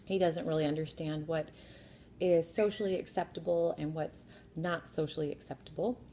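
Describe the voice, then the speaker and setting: Wry, low-voiced mother telling a story. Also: steady tone, moderate pace, warm tone, slight background noise. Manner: wry, laughs at herself. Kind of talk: casual storytelling. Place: sitting at a home kitchen bar.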